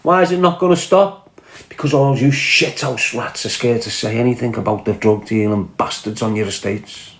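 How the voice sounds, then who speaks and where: A man's voice: medium pitch, normal speed, fairly bright tone, echoey room. A man with a Scouse accent from Liverpool, delivering an angry, profane, confrontational rant to camera. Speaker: online commentator.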